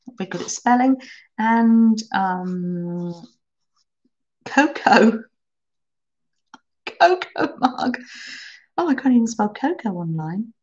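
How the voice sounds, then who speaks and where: A woman hosting a live crafting stream, chatting warmly with viewers and answering their comments as she works. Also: fairly high pitch, animated, slow pace, long pauses, highs cut off. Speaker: crafting channel host.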